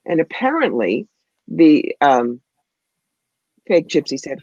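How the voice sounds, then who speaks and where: A woman guest, a psychic medium and author, telling stories in an interview in a punchy, animated way. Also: fairly low pitch, moderate pace, dry recording, muffled recording. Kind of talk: interview storytelling.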